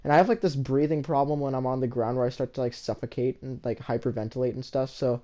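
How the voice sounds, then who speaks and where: A man tells a tale from his school days in a casual, rambling way, restarting often. He talks fast with fairly even intonation, his voice frequently soft and low-key.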